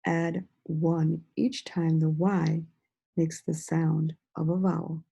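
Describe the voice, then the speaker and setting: A woman teacher giving a slow, sing-song lesson to young children, stretching out words and praising them often. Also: low voice, level tone, gravelly, warm tone, husky, poor audio. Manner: encouraging, drawn-out words with frequent praise.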